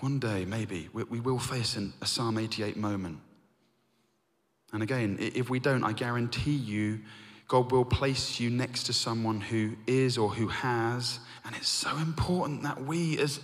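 An earnest man delivers a sermon at a middling pitch, his voice swelling on key points and sinking low and quiet on reflective ones. His words ring out with a long hall reverb behind them. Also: normal speed. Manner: earnest, rising to emphatic then dropping to hushed. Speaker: preacher.

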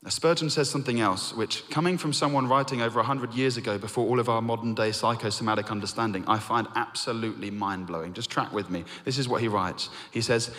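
An earnest man delivers a sermon at a middling pitch, his voice swelling on key points and sinking low and quiet on reflective ones. His words ring out with a long hall reverb behind them. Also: fast talker, hardly any pauses. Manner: earnest, rising to emphatic then dropping to hushed. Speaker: preacher.

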